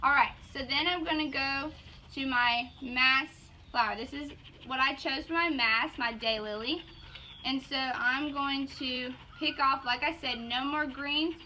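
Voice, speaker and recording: Her voice sits high, pushed and bright, and she speaks a little slowly with a Southern accent. This bubbly young woman from Georgia teaches a casual floral design lesson, exclaiming enthusiastically, first outdoors in yards and later indoors at a table; the recording is dull lo-fi with outdoor noise.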